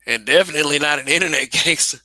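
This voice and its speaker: Blunt, bright-voiced male livestream host. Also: fairly high pitch, fast. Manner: blunt and profane, with frequent restarts and repeated phrases. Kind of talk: casual livestream commentary.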